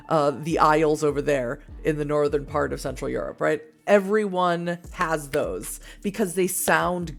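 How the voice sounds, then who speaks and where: A low-voiced American woman from the Boston area reads an interactive novel on stream. She rambles, laughs at her own asides and keeps up a casual chat with viewers. Soft music runs quietly behind her. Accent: General American. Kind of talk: reading a text game aloud and chatting with viewers.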